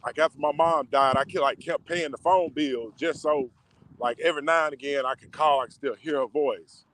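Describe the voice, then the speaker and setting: A man's voice: fairly high pitch, normal speed, fairly bright tone, a little hiss or hum. A man in casual, emotional storytelling, talking in slang with many fillers. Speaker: vlogger. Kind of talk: casual personal storytelling to camera.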